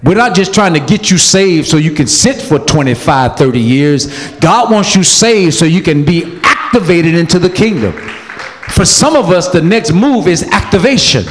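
Animated preacher with a high, lively voice. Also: male voice, moderate pace, in a large hall, a little hiss or hum. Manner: animated, emphatic, call-and-response preaching. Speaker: pastor. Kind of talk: sermon.

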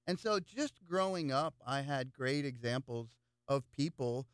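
A man's voice: medium pitch, unhurried, clean tone, dry recording, studio quality. A man running for local office, talking casually in an interview and telling stories with lots of repeated words. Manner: animated storyteller with frequent repeated words. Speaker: political candidate. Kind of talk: casual interview chat, storytelling.

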